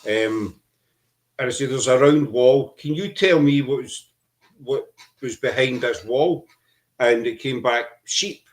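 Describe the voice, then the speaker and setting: A middle-aged man hosting a podcast, telling his story earnestly over a video call, halting often with fillers. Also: medium pitch. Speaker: podcast host. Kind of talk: casual chat.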